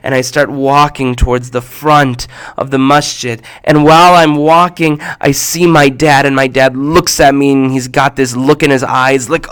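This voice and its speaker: A man telling a personal story to children in an expressive way, acting out the voices and dropping to a hush at times. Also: on the high side, normal speed. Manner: expressive, acts out quotes, shifts between loud and hushed. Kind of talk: animated personal storytelling for kids.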